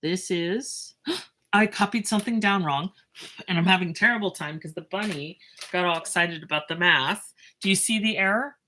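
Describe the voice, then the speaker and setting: Woman math teacher, low voice but bright, drawls while writing, jokey asides. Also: normal speed. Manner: chatty, self-mocking, lively asides. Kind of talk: casual math lesson.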